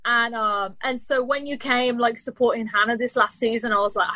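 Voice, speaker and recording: A woman in her thirties from England with a softened Midlands accent, tinged Australian, chatting as a guest in a lively, bubbly way. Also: fairly high pitch, dry recording. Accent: English Midlands, softened, with Australian tinge. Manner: bubbly, animated, quick with voices. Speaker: guest, professional dancer. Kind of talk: casual interview chat.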